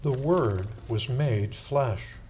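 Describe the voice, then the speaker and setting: Slow, solemn man reading scripture. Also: medium pitch, mellow, a little hiss or hum. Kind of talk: reading aloud in church.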